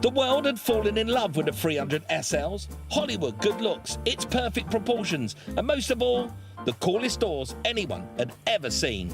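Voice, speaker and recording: Brief: male narrator, bright lively read, music bed. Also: high voice, moderate pace, creaky. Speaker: documentary narrator. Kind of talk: scripted narration.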